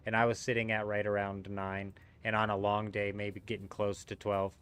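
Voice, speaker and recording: A man's voice: fairly low pitch, completely flat delivery, moderate pace, few pauses, a bit bright, smooth. Chatty man streaming a game. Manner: chatty, answers viewer chat while playing. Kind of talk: casual live-stream chat.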